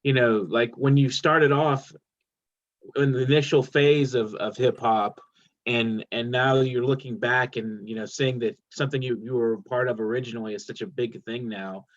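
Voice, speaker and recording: Halting male interviewer, dull lo-fi audio. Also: mid-range voice, fairly even intonation. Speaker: podcast co-host, interviewer. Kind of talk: interview question.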